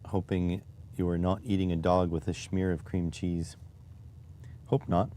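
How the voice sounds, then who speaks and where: A man casually chatting on a livestream while testing electronics, relaxed and musing, with frequent halting fillers. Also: low voice, a little hiss or hum.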